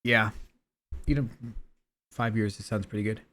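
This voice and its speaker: A man streaming a video game in casual, rambling commentary. He often trails off into quiet mumbles. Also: on the low side, normal speed.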